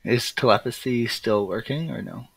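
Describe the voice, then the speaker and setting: A man's voice: medium pitch, moderate pace, creaky, rough recording. A man playing in a tabletop game, hesitant and full of ums. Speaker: player. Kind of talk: casual tabletop play.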